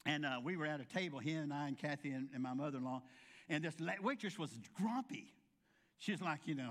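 A man preaching a sermon in a high-pitched voice. He tells homespun, funny stories and briefly acts out each person he quotes. His delivery is chatty and warm-humored. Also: a little fast. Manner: folksy storytelling with humorous asides. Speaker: pastor.

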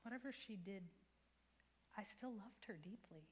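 A woman pastor delivers a sermon in an earnest, storytelling voice. Her pitch sits in a middle range, and she speaks in a conversational, down-to-earth way. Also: lively intonation, measured pace, husky. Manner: earnest storytelling with a few soft laughs.

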